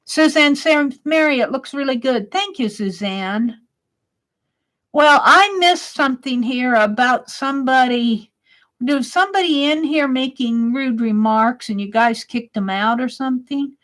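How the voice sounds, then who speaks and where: A woman's voice: high-pitched, unhurried, a bit bright. A woman hosting a casual live stream, chatting and reading viewers' comments aloud, laughing often.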